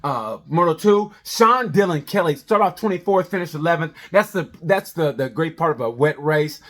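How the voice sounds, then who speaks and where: A man with a slightly higher-than-average voice rambles through a comedic race review. He jumps between tangents in an animated, conversational way. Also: normal speed. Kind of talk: comedic sports review monologue.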